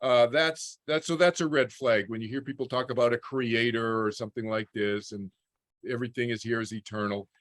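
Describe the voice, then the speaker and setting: Over a video call, a spiritual teacher gives an informal talk to a parent support group, keeping it conversational and repeatedly checking in with "okay?" His mid-range voice has fairly even intonation and is brisk and a bit bright. The sound is studio quality with no echo.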